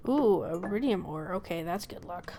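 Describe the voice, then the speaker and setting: A woman streamer giving casual, excitable commentary as she plays a game, talking to herself. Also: fairly low pitch, normal speed, a little hiss or hum. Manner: chatty, excitable, talks to herself. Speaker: gaming streamer. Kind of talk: casual let's play commentary.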